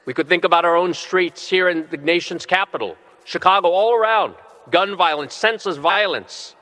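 A middle-aged bishop delivers a sermon in a bright, somewhat high voice. He speaks earnestly, leaning on slow, emphatic phrases. His words ring out with the long reverb of a large church hall.

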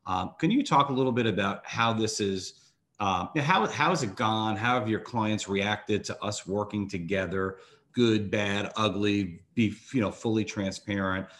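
A man with a fairly low voice hosts an interview as a financial advisor. He asks long, winding questions and keeps restarting. His talk is padded with "you know" and "um". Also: a little slow, fairly bright tone. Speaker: financial advisor, podcast host.

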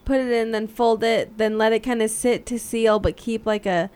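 Woman, higher voice, casual chat, teasing, questioning. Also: fairly even intonation, normal speed, darkish tone, smooth. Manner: teasing, questioning, laughs often.

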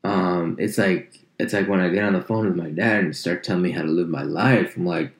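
Guy with a real low voice going off on a swear-filled comedy rant, echoey room. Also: a little fast. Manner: animated, swears constantly, jumps into high mock voices.

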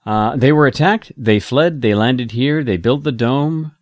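A man's voice: medium pitch, measured pace, dry recording. Chuckling male podcast co-host. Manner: chuckles often, reads aloud with asides. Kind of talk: casual chat reading listener email.

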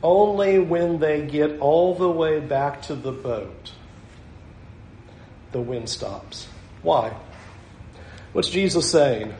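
A man preaching a sermon, animated, acting out the scene with small laughs. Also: a little high, slow, pauses often, echoey room, slight background noise. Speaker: pastor.

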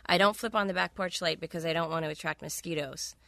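A woman's voice: low-pitched, fairly even intonation, fast talker, creaky, bright, forceful tone, no echo. A woman author reading a wry, candid first-person passage from her own novel on a close studio mic.

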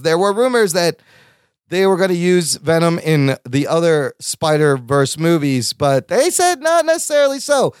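A man hosting a podcast in casual chat, excitable and quick to laugh as he reads listener mail. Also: high-pitched, dry recording, clean studio sound. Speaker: podcast host.

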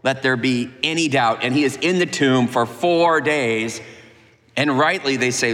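A man in the middle of a sermon, telling the story with earnest animation and acting out the lines people speak. His voice sits at an ordinary middle pitch. It rings out with the long reverb of a large church. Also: measured pace, a bit bright. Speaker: preacher.

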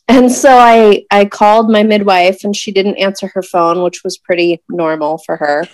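A woman in her thirties telling a personal story in conversation, emotional and searching, with many pauses and fillers. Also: mid-range voice, steady tone, no echo. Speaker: guest telling a birth story.

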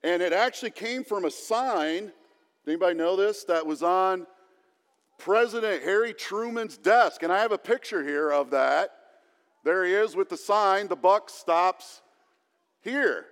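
A man's voice: high-pitched, normal speed, fairly bright tone, clean tone. A male pastor giving a conversational sermon with light humor, in a church hall.

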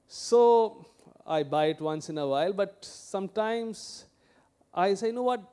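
High-voiced pastor preaching conversationally. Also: male voice, slow, warm tone, clean tone. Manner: conversational, asks the congregation questions, tells personal anecdotes. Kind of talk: sermon.

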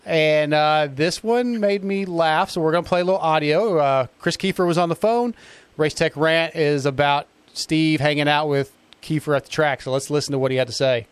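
Male host, casual and easygoing, a touch high, resonant, very dry sound. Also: normal speed, clean tone, no echo. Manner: relaxed, leading the discussion. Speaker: podcast host. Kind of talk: casual show talk.

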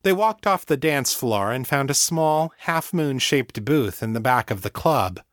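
Male narrator for a novel, unhurried and even, dry studio sound. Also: medium pitch, no echo. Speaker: audiobook narrator. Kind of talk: scripted narration.

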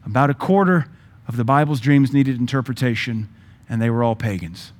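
A pastor preaching to his church in a lively, joking way. He hammers points home with sudden emphatic bursts, then drops back to plain talk, a man in mid-sermon. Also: medium pitch, brisk.

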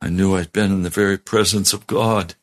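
A man's voice: low voice, fairly even intonation, fairly quick. A middle-aged man, a pastor, telling his testimony in a sermon, earnest and heartfelt with strong emphasis.

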